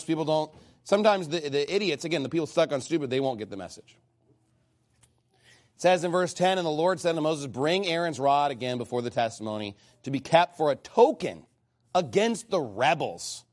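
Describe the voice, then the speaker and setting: Animated high-voiced male preacher. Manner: animated and blunt, quoting scripture and acting out God's voice. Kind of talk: sermon.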